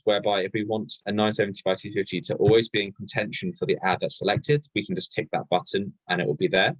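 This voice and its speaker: A man's voice: fairly low pitch, fairly even intonation, quick pace, few pauses, no echo, dull audio. A man presenting a live webinar, reading viewer questions aloud and answering them casually with many ums and restarts.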